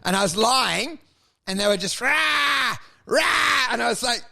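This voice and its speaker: High, gravelly man ranting. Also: brisk, raised voice. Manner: animated, sweary, jumps into acted voices. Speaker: podcast co-host. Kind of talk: absurd comic storytelling.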